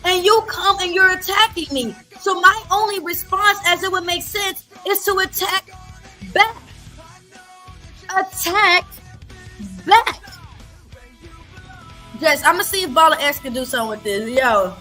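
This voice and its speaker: Very high-pitched, bright-voiced woman. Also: expressive, a little fast, hardly any pauses, faint music behind. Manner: loud, profane, repeats herself. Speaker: livestream guest. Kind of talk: heated livestream argument.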